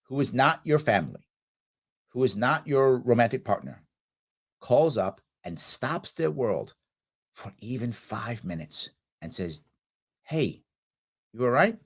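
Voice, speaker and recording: A man's voice: medium pitch, big pitch swings, unhurried, slightly rough. A middle-aged man hosting a talk show, giving an emphatic motivational monologue and acting out quoted voices.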